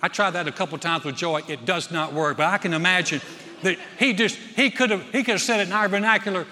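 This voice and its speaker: A man's voice: sits high, fast. Preaching man in a reverberant hall. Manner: dynamic preaching, surges loud then drops soft. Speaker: pastor. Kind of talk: sermon.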